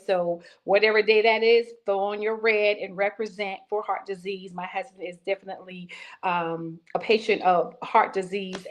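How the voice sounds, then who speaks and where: Middle-aged woman hosting a chat show, preachy encouraging vibe, gushes at her guest. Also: medium pitch. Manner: warm preacherly encouragement, calls listeners baby. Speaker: talk show host. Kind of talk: casual interview chat.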